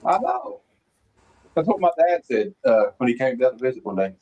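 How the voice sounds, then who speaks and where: A man's voice: mid-range voice, big pitch swings, moderate pace, a little mellow, slightly rough, highs cut off. A man on a panel talking about his dog in a laid-back, chatty way over a video call. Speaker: panel guest. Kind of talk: casual panel chat.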